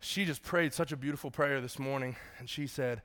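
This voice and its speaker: A man's voice: mid-range voice, brisk, hardly any pauses, a bit bright. A man, a pastor giving a sermon in a church auditorium, casual and joking with the congregation.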